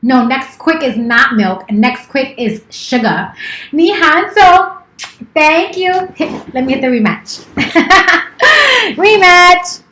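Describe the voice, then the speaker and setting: A woman's voice: high-pitched, lively intonation, unhurried, few pauses, a bit bright, roomy sound. A woman in her thirties chatting casually on a live stream, playful and teasing, swearing freely. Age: 30s. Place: office.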